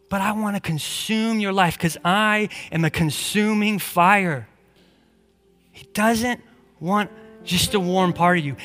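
A man's voice: sits high, takes it slowly, pushed and bright, faint music behind. A man preaching a sermon as a pastor, in an earnest, conversational way with frequent restarts and fillers. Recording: long hall reverb.

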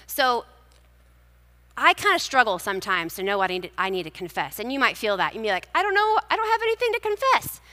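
A woman's voice: mid-range voice, bright, forceful tone, big-room sound. A woman giving a personal devotional sermon, telling stories and reading scripture in a conversational way. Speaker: speaker at a church gathering.

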